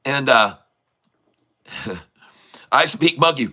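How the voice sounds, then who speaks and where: A man with a mid-range, bright, forceful voice speaks slowly with long pauses while live-streaming day-trading commentary. He jokes with chat and laughs often as he reads it, then repeats urgent warnings to his viewers.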